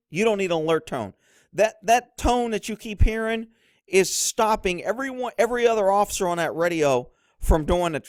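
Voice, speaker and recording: A man's voice: no room sound, clean studio sound. A middle-aged man, a former police officer, giving blunt, instructive commentary over police footage. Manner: blunt, instructive, drops low to mimic others.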